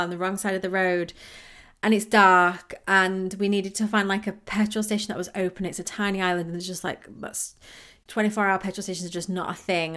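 A woman talks through a solo podcast episode. Her delivery is chatty and rambling, and she pokes fun at herself as she goes. She has a middle-pitched voice. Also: bright, forceful tone. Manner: chatty, rambling, self-mocking, with laughs. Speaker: podcast host. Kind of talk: casual solo podcast talk on manifesting.

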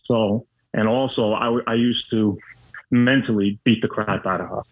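A man's voice: on the low side, fairly even intonation, normal speed, rough recording. A middle-aged man telling his own story candidly, blunt and profane, with lots of fillers. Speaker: guest.

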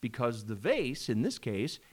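A man co-hosting a podcast in casual chat, animated, exclaiming often and bursting into laughter. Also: medium pitch, a little slow, noisy background. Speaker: podcast co-host.

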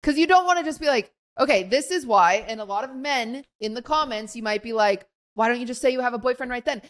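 A woman's voice: fairly high pitch, fast talker. A young woman co-hosting a podcast, telling a story in a casual chat and acting out quotes with lots of fillers. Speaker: podcast co-host.

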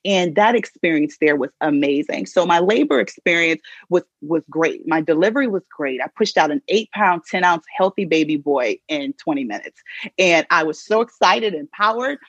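A woman guest telling a personal story in an animated way, laughing as she goes, on a dull lo-fi recording. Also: on the low side, normal speed, breathy edge, no room sound. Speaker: podcast guest.

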